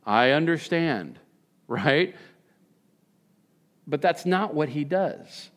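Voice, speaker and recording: A male pastor preaching a sermon in a conversational way, swinging between hushed reflection and emphatic questions. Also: on the high side, animated, extremely slow, long pauses.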